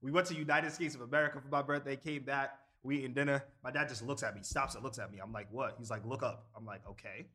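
A man co-hosting a podcast, chatting casually and telling stories excitedly. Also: medium pitch, quick pace, hardly any pauses. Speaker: podcast co-host. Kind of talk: casual chat.

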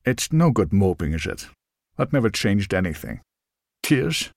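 A man's voice: fairly low pitch, sing-song, unhurried, creaky, no echo, studio quality, exaggerated voice. A man voicing a tall, balding older man who talks in clipped, brusque, no-nonsense phrases. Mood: gruff.

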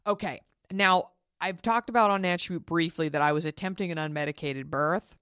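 A woman in her thirties with a notably low voice talks casually into a close mic, frank and chatty, cursing freely. The sound is dry and intimate, with no room around it. She slips into quick impressions of other people mid-story. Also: a bit bright, smooth, dry recording. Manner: chatty, frank and profane, with mimicked quotes. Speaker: podcast host. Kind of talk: casual solo podcast chat.

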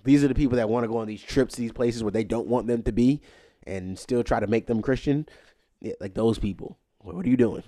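A young man hosting a casual podcast, ranting animatedly and getting loud when worked up, then settling low and quiet to tell a story. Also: brisk. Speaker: podcast host.

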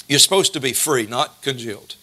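A middle-aged man preaching a sermon, folksy and storytelling, slowing down to stress scripture verses. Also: medium pitch, expressive, a crowd in the background.

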